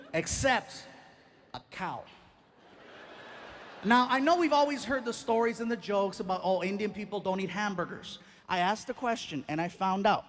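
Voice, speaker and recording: A man doing a stand-up comedy routine on a live stage, animated and acting out scenes with sound effects. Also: sits high, slight background noise.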